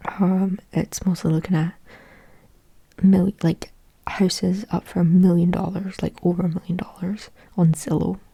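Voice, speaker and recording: A young woman whispering a soft, musing ASMR ramble into a close microphone, thinking aloud with lots of fillers. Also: lowish voice, gravelly, breathy edge, dry recording. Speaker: ASMR creator.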